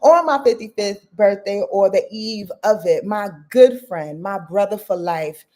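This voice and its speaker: A woman's voice: mid-range voice, measured pace. Chatty woman in her fifties. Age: 50s. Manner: chatty, warm address to viewers with frequent fillers. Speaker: astrologer and host. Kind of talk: casual livestream talk.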